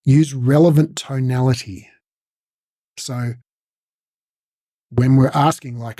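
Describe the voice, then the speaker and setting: A man's voice: mid-range voice, fairly even intonation, slow, long pauses, warm tone, no echo, studio quality. A man teaching a casual recorded lesson, talking conversationally and acting out short coach and client exchanges. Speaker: instructor.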